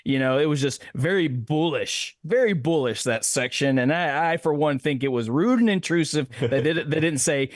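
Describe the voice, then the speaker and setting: A man's voice: fairly high pitch, expressive, normal speed, hardly any pauses, no echo, studio quality. A man co-hosting a casual music podcast, talking emphatically and animatedly and repeating phrases for effect. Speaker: podcast co-host. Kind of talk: casual chat about music.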